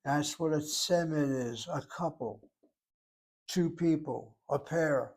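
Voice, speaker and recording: Older man teaching, patient and explanatory. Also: fairly high pitch. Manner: patient, explanatory, spells words out slowly. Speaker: Hebrew teacher. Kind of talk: classroom lesson.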